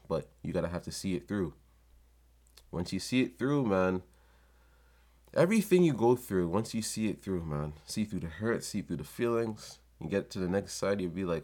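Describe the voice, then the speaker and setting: A man's voice: sits low, lively intonation, moderate pace, darkish tone. A man talking casually and bluntly, giving street-wise motivational advice in a monologue.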